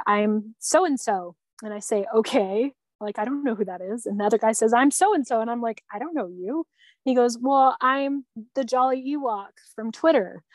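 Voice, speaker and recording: A middle-aged woman sharing a personal story in a podcast conversation, earnest and reflective, growing animated as she recalls events. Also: fairly high pitch, no room sound, rough recording. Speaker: guest.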